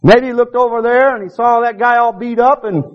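A man's voice: extremely high pitch, steady tone, brisk, dull audio. A middle-aged man preaching a sermon in a folksy way, calling out to his congregation and acting out characters in quoted asides. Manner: folksy, calls out "Huh?" to the congregation.

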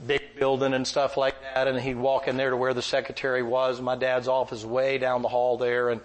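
An older man preaching a folksy, animated sermon full of stories. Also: medium pitch, normal speed. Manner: folksy, animated, acts out voices. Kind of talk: sermon with storytelling.

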